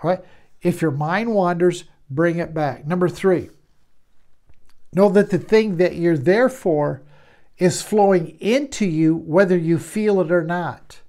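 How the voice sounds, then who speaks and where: A man's voice: high-pitched, a little slow, mellow. A man preaching a sermon as a pastor, conversational, often repeating words and restarting phrases.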